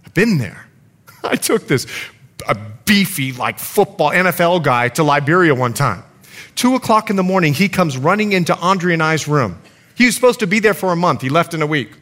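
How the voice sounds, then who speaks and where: Male pastor, fairly high voice with wide swings, animated storytelling sermon delivery in church. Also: moderate pace. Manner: animated storytelling preacher, emphatic swings in pitch.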